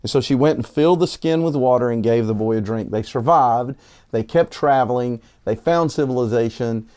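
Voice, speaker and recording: A pastor preaching a conversational sermon, often restarting his phrases and asking rhetorical questions, slowing down and lifting his voice to drive key points home. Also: darkish tone, smooth. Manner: slows and rises in pitch for emphasis.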